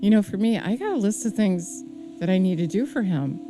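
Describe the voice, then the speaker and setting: A woman's voice: medium pitch, expressive, fairly quick. A woman preacher giving an earnest, conversational sermon with frequent fillers. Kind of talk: casual sermon. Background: singing bowl music.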